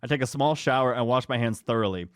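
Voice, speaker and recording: A man's voice: mid-range voice, fast, clean tone, no echo, clean studio sound. A man co-hosting a podcast, reading stories aloud and rambling into laughing asides. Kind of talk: casual chat, reading posts aloud.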